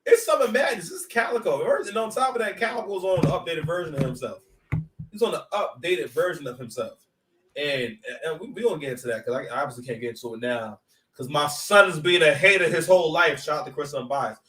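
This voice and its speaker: A man's voice: on the high side, animated, fairly quick, bright, forceful tone, recorded from a distance. A man giving casual battle rap commentary at home, rambling and joking with lots of stop-and-start repeats. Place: at home with his son nearby. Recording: echoey room, voice from off-mic.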